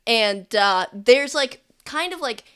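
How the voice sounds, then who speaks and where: A woman's voice: fairly high pitch, animated, slow, background noise. A woman narrating as game master of a tabletop game, chatty and rambling, often laughing.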